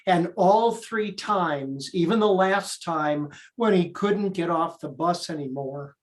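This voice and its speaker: An older man who has spent decades directing plays shares his memories as an interview guest. He talks slowly and with plenty of eager energy. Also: high voice. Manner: eager, animated storyteller. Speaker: theater director and performer.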